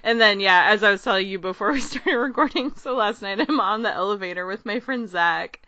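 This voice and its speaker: A woman co-hosting a podcast, telling a long, excited story in casual chat, rambling and laughing often. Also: mid-range voice, fairly quick, no echo, muffled recording. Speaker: podcast co-host.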